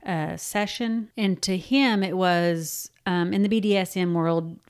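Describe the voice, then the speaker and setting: A woman's voice: fairly low pitch, unhurried. A middle-aged woman co-hosting a casual chat, talkative and giggly, laughing often as she tells her stories. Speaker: podcast co-host.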